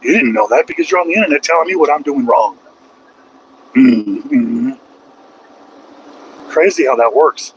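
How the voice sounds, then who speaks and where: A man's voice: medium pitch, expressive, normal speed, long pauses, a little hiss or hum, low-quality recording. Sarcastic trucker ranting from his cab. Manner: sarcastic, mocking, heckles critics in a put-on whiny voice. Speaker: truck driver vlogger. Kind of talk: live-stream rant to chat. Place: inside a truck cab on the road.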